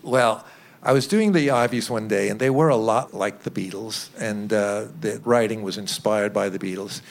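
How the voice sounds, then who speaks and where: A man's voice: on the low side, moderate pace, gravelly. Older man telling studio anecdotes. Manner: lively anecdotes, acts out quotes, chuckles. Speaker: record producer. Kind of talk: interview storytelling.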